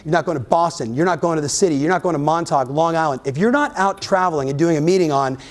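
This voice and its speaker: A man giving an energetic motivational keynote to a live audience, often firing questions at the crowd. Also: on the high side, quick pace. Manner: energetic, keeps quizzing the audience. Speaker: real estate coach and keynote speaker. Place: live event in front of an audience.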